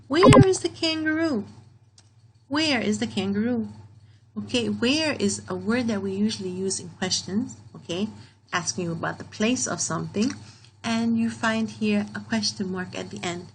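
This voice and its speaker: A woman teaching a grammar lesson for children, reading each example slowly and repeating it. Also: mid-range voice, slight background noise, low-quality recording. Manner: slow, deliberate, repeats example sentences.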